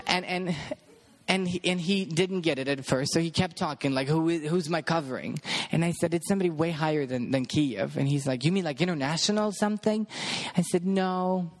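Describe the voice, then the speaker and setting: A man's voice: fairly high pitch, a little fast. A man telling a personal testimony, acting out the voices of people in the story as he goes. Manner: animated storyteller acting out dialogue. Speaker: ministry worker.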